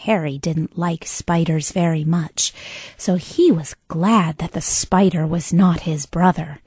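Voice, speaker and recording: A woman reading a children's bedtime story aloud, narrating slowly and often in a soft half-whisper. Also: on the low side, steady tone, husky, dry recording, studio quality.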